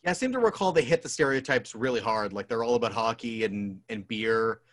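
Regular-pitched guy rambling on a podcast, lots of ums. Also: expressive, a little fast, a bit bright. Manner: rambling, full of "um" and "like". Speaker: podcast co-host. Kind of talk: casual chat about movies.

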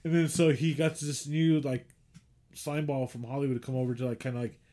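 A man's voice: medium pitch, flat delivery, a little fast, a crowd in the background. A man co-hosting a movie podcast, retelling scenes in a rambling, filler-heavy casual chat. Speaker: podcast co-host.

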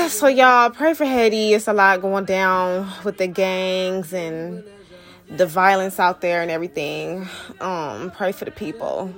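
A woman's voice: medium pitch, a little slow, fairly bright tone. A young woman talking loosely and casually to her followers, using lots of slang and fillers, slightly out of breath. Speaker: Vodou practitioner and spiritual mentor. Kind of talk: casual vlog talk to viewers.

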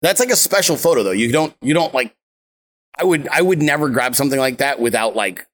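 A man in his thirties hosts a political show as a casual livestream, ranting outdoors on a windy vacation in a brash, mocking style laced with heavy swearing. His medium-pitched voice is fairly quick, slightly bright, with lively intonation.

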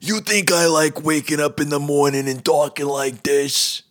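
A man putting on the voice of a TV detective who yells all the time in a strained, raspy voice. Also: fairly high pitch, normal speed, voice pushed up, lightly acted. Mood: yelling. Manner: constant yelling.

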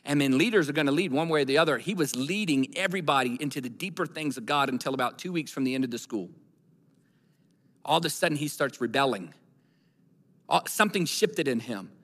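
A man's voice: fairly high pitch, expressive, a little fast, fairly bright tone. A man preaching a sermon, telling a story and building to emphatic, repeated declarations. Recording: long hall reverb.

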